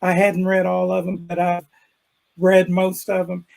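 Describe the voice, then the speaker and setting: Gravelly older man telling a story. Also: high-pitched, measured pace, poor audio. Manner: animated storyteller, acts out characters' lines. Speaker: interview guest, educator. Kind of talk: storytelling in a video call interview. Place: room with bookshelves.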